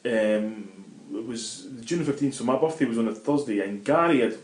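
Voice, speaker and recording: A middle-aged Scottish man, a guest in an interview, telling animated anecdotes in casual talk and swearing freely. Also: mid-range voice, normal speed. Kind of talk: casual storytelling. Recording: roomy echo.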